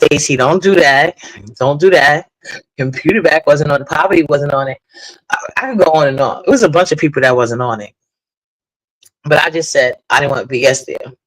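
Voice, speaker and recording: A woman's voice: sits low, fairly bright tone, rough recording. Blunt, rambling woman live-streaming. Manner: blunt, rambling, swears freely; greets viewers in the chat between points. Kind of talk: casual live-stream commentary.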